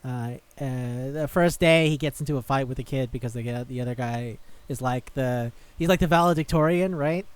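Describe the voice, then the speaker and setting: A man's voice: mid-range voice, normal speed, hardly any pauses, clear, resonant tone, no echo. A man co-hosting a podcast, chatting casually in a rambling way, swearing and laughing easily. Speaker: podcast co-host. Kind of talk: casual chat.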